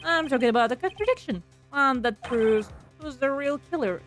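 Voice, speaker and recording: A woman's voice: high-pitched, expressive, normal speed, fairly bright tone, faint music behind, voice pushed up. Woman reading as a firm young defense lawyer. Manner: firm, reading dialogue aloud.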